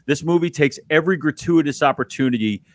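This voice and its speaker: A man's voice: on the high side, fast, dry recording. A man chatting about a film on a podcast, blunt and wry, with a cynical streak. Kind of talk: casual film discussion.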